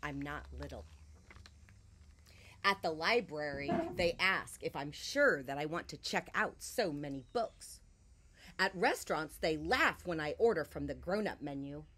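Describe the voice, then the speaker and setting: Woman, children's storyteller, reading a picture book, slow, lowish voice, whispers and outbursts. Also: slight background noise. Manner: expressive, swings between hushed whispers and loud outbursts. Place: porch, outdoors.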